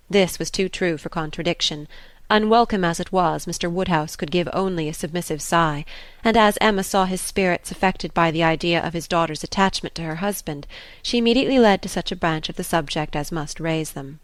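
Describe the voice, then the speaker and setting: A woman's voice: on the low side, fairly quick, smooth, no room sound. Woman narrating a classic novel. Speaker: audiobook narrator. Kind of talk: scripted narration.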